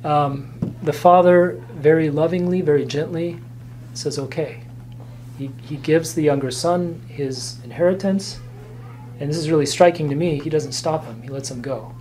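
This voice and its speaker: A man, a priest teaching a catechism class, explaining gently and earnestly with fillers and restarts. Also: a little high, moderate pace, slight background noise, rough recording. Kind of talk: catechism lecture. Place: church classroom.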